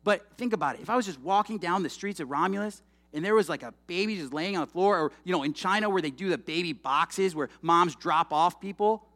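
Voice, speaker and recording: A young man preaching a sermon in a casual, animated, conversational way, with frequent asides to the congregation. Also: high-pitched, brisk.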